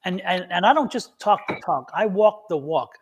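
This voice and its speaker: Speaking at normal speed, this man has a high, slightly rough voice, captured in lo-fi sound. He reads tarot and is a guest on the show, rambling through a story on a live stream and playing each person in the exchange with lively energy.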